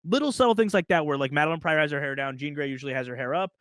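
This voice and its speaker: A young man co-hosting a casual chat, relaxed and enthusiastic with easy chuckles. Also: fairly high pitch, racing, smooth, no room sound. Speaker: podcast co-host.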